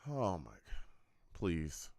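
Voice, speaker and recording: A man hosting a live football draft reaction stream, excitable and quick to laugh, with slangy banter. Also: sits low, gravelly, no room sound.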